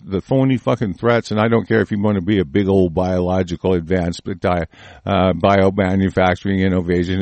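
A man's voice: on the low side, a little mellow, no room sound. A man delivering a heated, profane, rambling monologue with many restarts. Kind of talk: ranting monologue.

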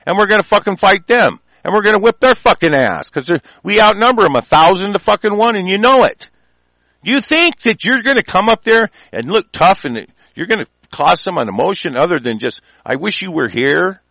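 A man's voice: high voice, very animated, a little fast, vocal fry, sharp tone, no echo. A man from the United States delivering an angry political rant, profane and combative throughout.

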